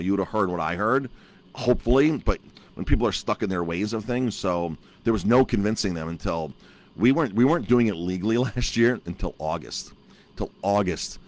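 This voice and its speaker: Low-voiced man telling a frustrated story. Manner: frustrated storytelling, acts out both sides of conversations. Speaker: chef and restaurant owner. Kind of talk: casual talk to camera.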